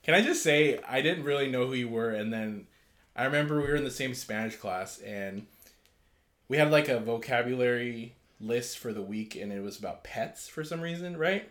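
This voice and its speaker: A man's voice: mid-range voice, expressive, normal speed, fairly bright tone. A man in his twenties co-hosting a casual chat, joking, swearing freely and laughing often. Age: 20s. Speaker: podcast co-host.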